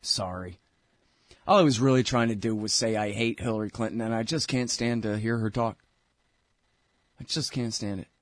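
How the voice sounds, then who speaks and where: A man's voice: lowish voice, normal speed, long pauses. A man hosting a talk show, rambling in a blunt, sarcastic way between ad reads. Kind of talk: casual political talk and ad reads.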